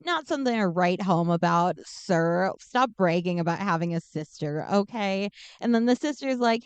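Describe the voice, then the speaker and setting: A woman's voice: fairly low pitch, moderate pace, few pauses, clean tone, no room sound, muffled recording. A woman podcast co-host recapping a movie plot in a casual, joking, sarcastic way. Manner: joking, sarcastic, animated storytelling.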